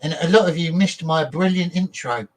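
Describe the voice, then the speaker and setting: A man's voice: fairly high pitch, moderate pace. A man hosting a casual livestream, talking bluntly and swearing freely while he chats with viewers. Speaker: show host. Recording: distant, choppy internet audio.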